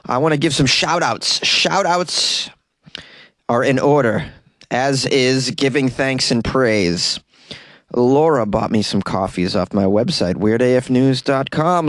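A man's voice: on the low side, unhurried, dry recording, clean studio sound. A man hosting a solo comedy news podcast, chatting casually and playfully, rambling and sometimes breaking into silly singing. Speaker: podcast host.

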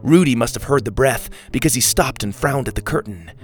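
Lively male storybook narrator. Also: mid-range voice, brisk, soft background music. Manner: lively, expressive reading. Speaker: audiobook narrator.

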